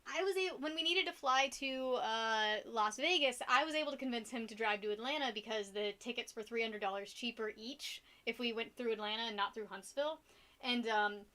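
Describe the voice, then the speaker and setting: A woman's voice: a little high, sharp tone. A young woman chatting casually on a live stream while she paints, rambling and giggling between topics. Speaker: art streamer.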